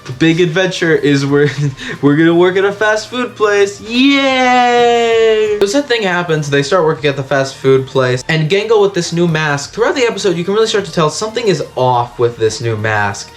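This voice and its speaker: A man's voice: fairly high pitch, expressive, a little fast, hardly any pauses. A man giving a frank, chatty video review with lots of swearing. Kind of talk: casual video review commentary.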